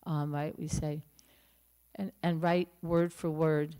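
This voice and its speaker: Slow, low-voiced woman telling a temple story. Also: level tone, warm tone, clean tone. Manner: hesitant, many fillers and restarts. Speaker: class speaker. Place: temple room.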